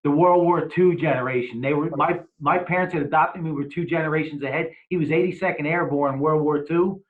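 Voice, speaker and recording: A man's voice: a little high, brisk. A man hosting an interview, steering the talk with blunt, profane remarks. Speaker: podcast host. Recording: tinny phone-like sound.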